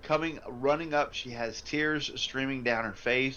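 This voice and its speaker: A game master narrating a tabletop horror game with steady scene-setting, on a slightly muffled line. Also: medium pitch, measured pace, hardly any pauses.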